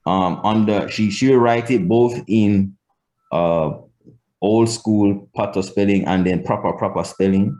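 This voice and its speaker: Man, Jamaican accent, language teacher, lowish voice, patient and repetitive. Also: unhurried, dark tone. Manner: patient, repeats key points for emphasis. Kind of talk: live class instruction.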